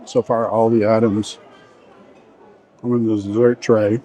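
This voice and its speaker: A middle-aged man with a fairly low voice talks his way through a food-tasting vlog. He rambles and trails off mid-sentence between bites, recorded inside a restaurant. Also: level tone, slow, mellow. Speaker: vlogger reviewing a buffet. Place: indoor buffet restaurant.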